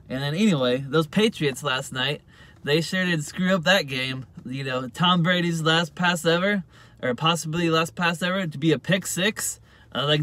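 Man, phone vlogger, rambling filler-heavy chat; bright, slightly high voice. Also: moderate pace, no room sound. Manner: rambling, heavy use of "you know" fillers. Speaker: YouTube vlogger. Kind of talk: casual rambling monologue to camera.

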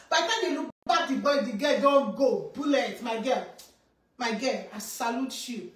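A Nigerian woman speaking Nigerian Pidgin English in an animated, boastful vlog monologue. She mixes pidgin with English and breaks into snatches of song. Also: high-pitched, moderate pace, distant mic. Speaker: content creator. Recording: echoey room, voice off-mic.

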